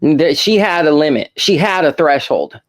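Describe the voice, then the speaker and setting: A man's voice: fairly high pitch, animated, moderate pace. A man hosting a casual chat, telling a rambling story and restarting his sentences. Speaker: host.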